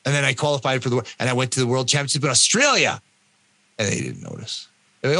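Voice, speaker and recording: A Canadian man in his fifties, a podcast guest telling his own story in a lively way and acting out what other people said. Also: medium pitch, fast talker, no echo. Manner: animated, acts out other people's lines. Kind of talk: personal storytelling in an interview.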